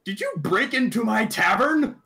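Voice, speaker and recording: A man voicing a grimy, gruff male dwarf tavern keeper with a booming, blustering voice in a tabletop game. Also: big pitch swings, normal speed, exaggerated voice. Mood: gruff surprise. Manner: shouting, blustering.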